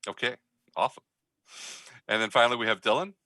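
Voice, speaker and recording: Male game master, bright tone, dry mic, hesitant filler-heavy delivery. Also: medium pitch, dry recording, poor audio. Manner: halting, many fillers, friendly. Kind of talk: running an online tabletop game.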